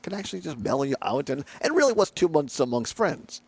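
Male radio host, gravelly, easygoing jokey banter. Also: on the high side, sing-song, fast talker, darkish tone, slight background noise. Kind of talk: casual radio talk.

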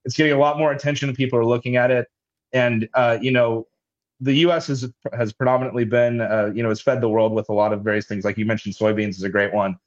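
A man's voice: mid-range voice, steady tone, fast, highs cut off. A man, head of a logistics company, explaining things in a businesslike way as an interview guest. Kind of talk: interview answers.

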